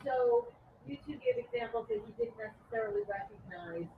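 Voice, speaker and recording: Woman, audience question, high and very lively pitch, gravelly, far off, tinny, noisy. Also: a little fast, echoey room. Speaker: audience member asking a question. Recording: distant tinny phone-like audio with noise.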